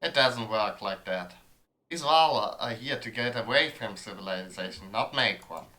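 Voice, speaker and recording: A streamer reading aloud as a gruff, weary old male giant warrior, blunt and grumbling. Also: on the low side, animated, a little slow, pushed and bright.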